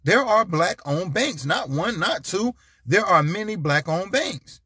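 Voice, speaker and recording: A man's voice: high-pitched, animated, a little slow, pushed and bright, husky, no echo, clean studio sound. A man giving an emphatic, repetitive, preachy monologue as a vlogger. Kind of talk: casual ranting monologue.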